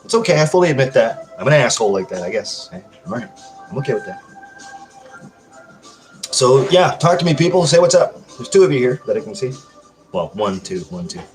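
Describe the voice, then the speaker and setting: A man's voice: mid-range voice, big pitch swings, a little fast, pauses often, faint music behind. Male streamer, casual home live-stream chat, crude and joking with viewers.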